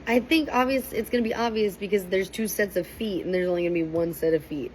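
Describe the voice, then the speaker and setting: Young woman chatting through a show recap, lively, mid pitch, bit of hiss behind. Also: fast talker, low-quality recording. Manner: chatty, animated, quotes people in raised voices. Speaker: reaction commentator. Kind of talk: casual recap commentary.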